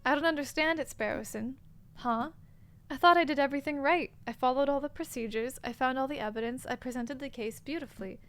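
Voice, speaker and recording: A woman's voice: high voice, fairly quick, a bit bright. A woman reading the lines of a gloomy, drunk male bird detective in a video game, in a sad, deflated way. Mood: dejected.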